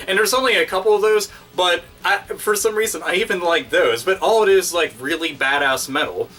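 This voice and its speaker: A man hosting his own video, ranting casually and excitedly with constant swearing and crude exaggeration. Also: sits high, moderate pace, far from the mic, soft background music. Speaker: video host. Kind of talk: casual profane rant.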